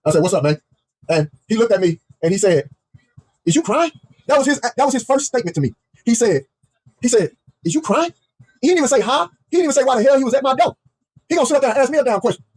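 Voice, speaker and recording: A young man tears through a comic personal story at breakneck speed, cursing freely and circling back over the same phrases. His voice sits high for a man and has a husky edge. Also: fast. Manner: animated, profane, heavily repetitive. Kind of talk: casual comedic storytime.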